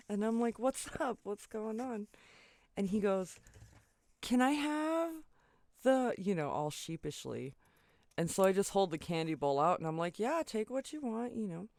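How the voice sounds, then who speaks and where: A rambling, chatty vlogger tells a story at home while crafting, sprinkling in asides and breaking into laughter. The voice sits at a middle pitch. The recording is dry, with no room sound. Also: clean tone, dry recording. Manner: rambling, chatty, full of "you know" and "right?" asides. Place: home basement.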